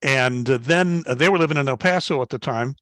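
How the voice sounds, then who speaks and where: A man in his seventies from Chicago, United States, gives a guest slide talk to an astronomy club, moving through his slides with folksy anecdotes full of "uh"s and little restarts. His middling-pitched voice is fairly bright and fairly quick. The sound is dry and close, with no room sound.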